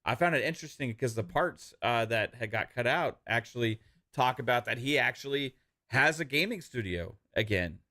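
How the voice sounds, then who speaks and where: A man co-hosting a casual gaming podcast who talks in a halting way, full of uhs and restarts. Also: mid-range voice, expressive, sharp tone. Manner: hesitant, many uhs and restarts. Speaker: podcast co-host.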